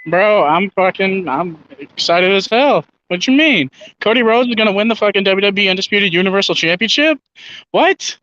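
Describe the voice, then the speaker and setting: A guest man on a livestream, speaking confidently and emphatically with casual swearing. His voice is high and bright, coming through dry and a little dull, as over a lo-fi call line. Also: animated, moderate pace, no echo. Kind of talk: casual chat.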